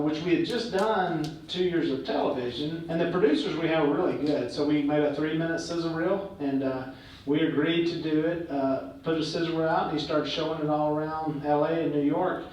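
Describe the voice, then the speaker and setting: A man, a guest speaker, telling stories to a live audience in a relaxed way with many fillers. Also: fairly high pitch, brisk. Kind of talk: on-stage storytelling. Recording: echoey hall, heard from a distance, faint noise.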